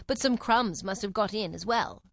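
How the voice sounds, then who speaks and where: A woman voicing a fussy, anxious eccentric man who talks in a brisk, grumbling, emphatic way. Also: medium pitch, vocal fry, fairly bright tone, no room sound.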